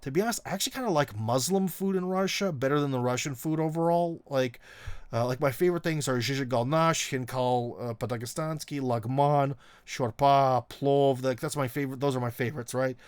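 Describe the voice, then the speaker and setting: A middle-aged man hosts a casual live stream, answering viewer comments off the cuff. His delivery rambles and wanders, thick with ums and uhs, and has a wry, teasing edge. The voice sits at an ordinary male pitch and sounds dry and close. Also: fairly quick, no room sound.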